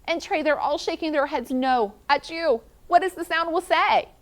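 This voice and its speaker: A woman teacher leading a classroom phonics lesson, encouraging children and sounding out letters slowly. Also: high-pitched, a bit bright.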